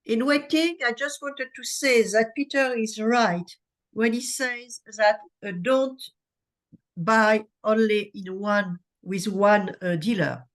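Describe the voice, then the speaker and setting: French-accented woman, native french, chairs the session, slow halting english with lots of uhs. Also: a little high. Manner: halting, many uhs and restarts. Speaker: session moderator. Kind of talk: conference moderation.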